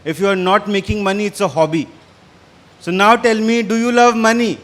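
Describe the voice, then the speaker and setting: A man with an Indian English accent, slightly hoarse, giving an energetic interactive business talk on stage. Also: high voice, a little fast. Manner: energetic, quizzes and challenges the audience. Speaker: business speaker. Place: stage in front of a live audience.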